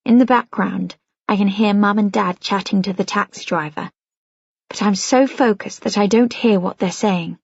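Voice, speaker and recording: A woman narrating a first-person novel for an audiobook in a gentle, even storytelling manner. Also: medium pitch, moderate pace, creaky, breathy edge, dry recording, muffled recording.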